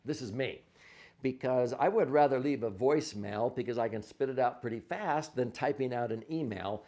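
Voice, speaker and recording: A man coaching couples on communication, speaking at a middle pitch in an easy, conversational teaching manner. He walks through his points step by step and backs them with everyday examples. He leans on key words for emphasis and checks in with the listener as he goes. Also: normal speed, dark tone. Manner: stresses words for emphasis, frequent "uh" and "okay?". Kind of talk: instructional monologue.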